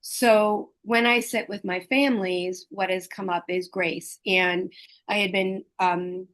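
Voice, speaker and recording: A middle-aged woman, a hospice liaison and educator, speaking gently and earnestly about caregiving, with pauses and fillers. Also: mid-range voice, fairly even intonation. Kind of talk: reflective talk on caregiving.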